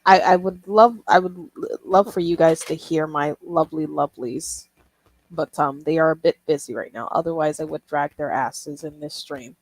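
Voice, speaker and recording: A woman's voice: low voice, normal speed, poor audio. A young woman streaming while she draws, chatting in a rambling, casual way, swearing and laughing often. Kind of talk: casual livestream chat while drawing.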